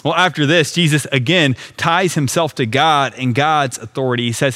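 Earnest man preaching, slightly high voice. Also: moderate pace, hardly any pauses, sharp tone. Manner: earnest expository preaching, paraphrasing scripture conversationally. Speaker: pastor. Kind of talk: sermon.

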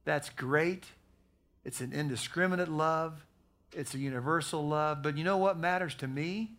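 A man preaching a sermon as pastor, repeating key phrases for emphasis and growing hushed in prayer. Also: fairly high pitch, unhurried. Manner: preaching with emphatic repetition, dropping soft at prayer.

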